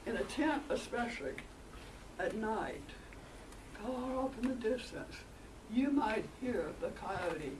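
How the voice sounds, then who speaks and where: A woman telling a story aloud to a group of children in an animated, expressive way. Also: on the high side. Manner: animated, expressive, warm with listeners. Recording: distant mic, noisy room.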